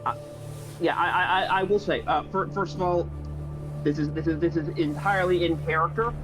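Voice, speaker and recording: Man, tabletop player, stammering restarts, somewhat high voice, music in background. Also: brisk, poor audio. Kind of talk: tabletop game chat.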